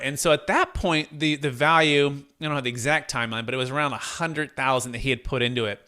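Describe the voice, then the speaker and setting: A man's voice: on the high side, quick pace, hardly any pauses. A man being interviewed as an advisor, telling a story in a conversational way and acting out the dialogue. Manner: animated, acts out quoted dialogue; conversational, frequent fillers and restarts. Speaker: guest, tax deferral advisor.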